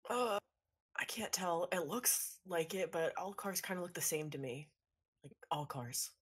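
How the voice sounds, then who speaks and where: A woman's voice: on the low side, unhurried, husky. A woman playing her character in a tabletop game, giggly and rambling. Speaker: player. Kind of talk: tabletop role-play.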